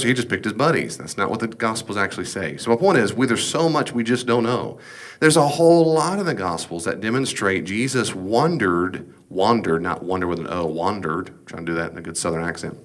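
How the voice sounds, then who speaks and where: This Bible study teacher is a man with a slightly low voice and an easygoing, conversational manner. He leans on his points with emphasis and asks the class one rhetorical question after another.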